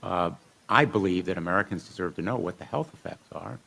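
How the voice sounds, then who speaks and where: A man's voice: deep voice, brisk, gravelly, sharp tone, a little hiss or hum. A middle-aged man, a senator, pointedly questioning witnesses at a formal hearing. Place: hearing room.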